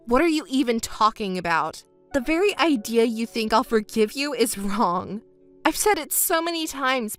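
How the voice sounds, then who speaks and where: A woman's voice: on the high side, animated, normal speed, fairly bright tone. A woman voicing a scripted text-story narration, cold and scolding, with faint music underneath.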